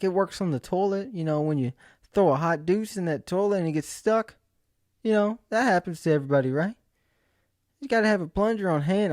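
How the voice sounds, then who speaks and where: A man's voice: sits high, no echo, clean studio sound. A man hosting his own show, talking in a casual, jokey solo monologue and acting out his own inner voice as he tells stories about himself. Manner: animated storyteller who acts out his own inner voice; jokey and self-mocking. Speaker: host.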